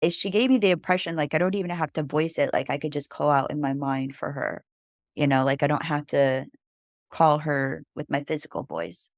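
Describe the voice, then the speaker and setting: Female guest, low register, casual rambling storyteller, dry close sound. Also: steady tone, fairly quick, no room sound. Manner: rambling, filled with "like" and "you know". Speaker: podcast guest.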